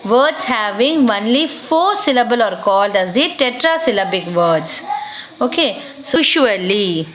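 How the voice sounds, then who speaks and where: A woman's voice: on the high side, animated, noisy background. A woman with an Indian English accent teaching an English lesson to children, reading words out one by one. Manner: slow, drawn-out word-by-word dictation to children. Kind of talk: classroom lesson.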